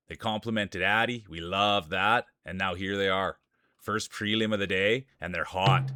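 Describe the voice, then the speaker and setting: Chatty Canadian man, bright voice. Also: lowish voice, no room sound, studio quality. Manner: chatty, greets viewers by name, jokey. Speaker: streamer and marble race announcer. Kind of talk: casual live-stream chat and playful commentary.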